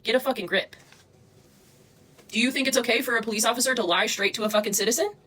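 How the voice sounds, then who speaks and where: A young woman livestreaming, talking fast and agitated, swearing and replying to chat comments. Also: fairly high pitch, bright, forceful tone. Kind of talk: livestream rant.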